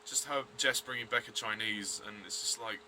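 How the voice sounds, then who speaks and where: Blunt male reviewer, tense bright voice, faint hiss behind. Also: fairly low pitch, fairly even intonation, moderate pace. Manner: blunt, rambling, many fillers and restarts. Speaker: TV episode reviewer. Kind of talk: casual review vlog.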